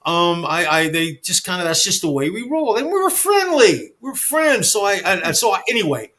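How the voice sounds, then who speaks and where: Man, casual storyteller, bright voice, slightly high pitch, animated, swears. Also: fairly quick. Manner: animated, acts out quoted dialogue, swears freely. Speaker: guest storyteller.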